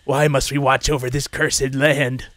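A man voicing a weary, grumbling old male watchman in a horror game, speaking slowly and low. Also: flat delivery, fairly bright tone, dry recording, lightly acted.

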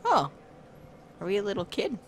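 A gaming video host giving casual let's-play commentary into a desk microphone at a home setup, chatting to viewers and reacting out loud to jump scares. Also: medium pitch, wildly swooping pitch, normal speed, a little hiss or hum. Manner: talks to the viewers and to himself while playing.

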